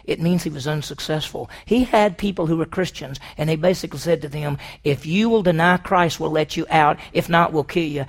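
A man preaching a sermon to a congregation in a church hall, swinging from loud emphasis to hushed near-whispers and putting questions to the room. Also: a little high, brisk, hardly any pauses. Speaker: pastor.

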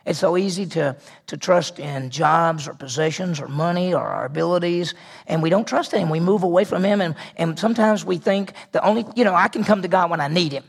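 A male pastor delivers an animated sermon to his congregation. His voice sits high and carries a gravelly rasp. He swings from loud emphatic declarations down to hushed, almost whispered prayer. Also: a little fast. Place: church sanctuary with congregation.

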